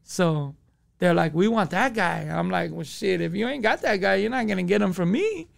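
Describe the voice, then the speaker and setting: A man's voice: high-pitched, lively intonation, normal speed, vocal fry. A man, telling a story as a podcast guest in profane street slang. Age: 20s. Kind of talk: casual storytelling.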